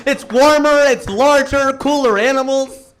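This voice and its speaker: A man's voice: very high-pitched, a little slow, a bit bright, a little hiss or hum. A man performing a stand-up comedy set on stage into a handheld mic, telling stories with punchy asides to the crowd. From United States.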